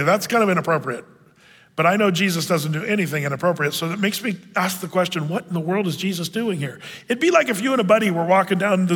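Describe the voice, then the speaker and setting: Male pastor, high-pitched, animated sermon delivery, echoing church hall. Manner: animated, acts out quotes with sudden loud bursts.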